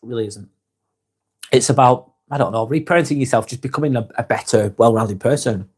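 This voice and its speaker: A middle-aged man with a Lancashire accent talks frankly to his live-stream viewers at an average pitch. He has a cold that brings on coughs, and his speech is loose and casual, full of restarts and the odd swear word. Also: brisk, darkish tone, slightly rough. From England. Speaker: vlog host. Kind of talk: live-stream chat reading comments.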